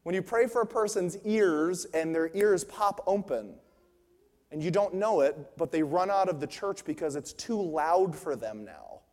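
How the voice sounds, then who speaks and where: A man's voice: a little high, expressive, measured pace, darkish tone. A young man preaching a sermon on stage, telling personal stories and building to fervent, emphatic preaching. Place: large church hall on stage. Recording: long hall reverb.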